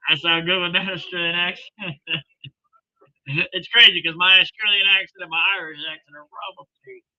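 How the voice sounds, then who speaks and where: A man's voice: high voice, lively intonation, moderate pace, lo-fi sound. A man casually commenting on a live wrestling show for his stream, chatty and joking, laughing often.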